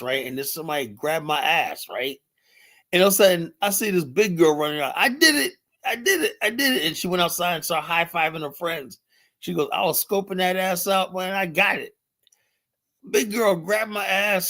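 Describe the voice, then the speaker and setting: A man hosting a streaming show, telling stories in a casual, profane way, laughing often and quoting other people's voices. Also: on the high side. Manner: laughing, profane, animated retelling with quoted voices. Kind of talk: casual storytelling monologue. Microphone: streaming setup mic.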